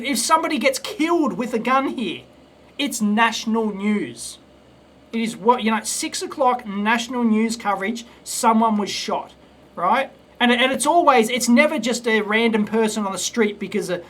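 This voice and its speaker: A man's voice: high-pitched, a bit bright. An Australian man chatting casually while soldering on a live stream, rambling and blunt, with many restarts. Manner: rambling, blunt, full of restarts and stammered repeats. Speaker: electronics video host.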